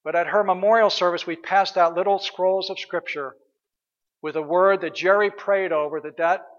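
A man's voice: high-pitched, steady tone, moderate pace, lo-fi sound. A man preaching a sermon as pastor, earnest and questioning, sometimes hesitating and restarting.

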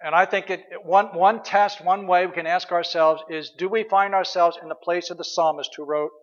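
A man's voice: sits high, steady tone, moderate pace, hardly any pauses, dull audio. A man preaching a sermon as pastor, earnest and questioning, sometimes hesitating and restarting.

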